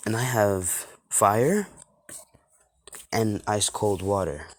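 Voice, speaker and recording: A man's voice: lowish voice, drawn-out words. A man voicing a smug, cocky teenage boy who taunts everyone around him.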